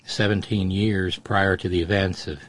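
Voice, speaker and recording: A middle-aged radio host speaks in a low, flat voice at a moderate pace. In a casual monologue, he tells a family story, rambling and digressing along the way.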